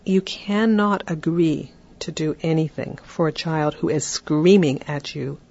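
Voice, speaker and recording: A podcast host giving parenting advice in a calm, explanatory way, often checking in with "right?". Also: medium pitch, a little slow, vocal fry, lo-fi sound.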